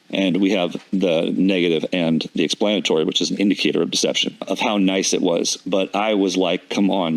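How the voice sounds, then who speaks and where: A man's voice: deep voice, rough recording. A man giving methodical commentary on an interview clip, breaking down word choices and repeating his points. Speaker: deception analysis commentator.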